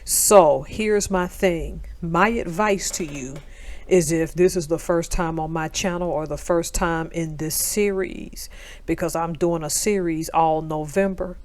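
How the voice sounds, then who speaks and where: A woman hosting her own channel, slightly out of breath from illness, giving measured comments and then reading a book chapter aloud. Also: fairly low pitch, fairly even intonation, a little mellow.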